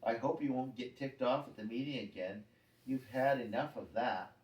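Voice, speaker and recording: A man's voice: mid-range voice, moderate pace, highs cut off, close to an everyday voice. A man voicing a cheerful schoolboy gardener, friendly and a little bossy. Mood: chiding. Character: cheerful schoolboy gardener, proud of his lettuces. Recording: roomy, distant mic.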